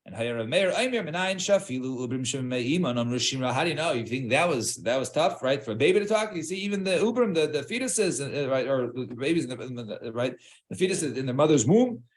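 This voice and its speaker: A man's voice: mid-range voice, expressive. A man leading a Talmud study class, restarting often, checking with "right?", and mixing Hebrew and Aramaic terms into English. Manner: halting, many restarts and fillers, checks with "right?".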